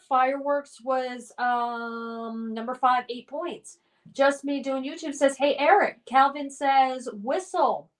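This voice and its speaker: Hosting a casual game on a live stream, a woman reads viewers' comments aloud and cheers them on cheerfully and encouragingly. Her voice is high-pitched and a bit bright, recorded from a distance.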